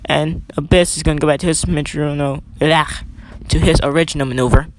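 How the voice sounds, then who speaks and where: A man's voice: a little high, steady tone, brisk, noisy background. A young man doing casual play-by-play commentary over a wrestling video game, rambling and correcting himself with chatty asides.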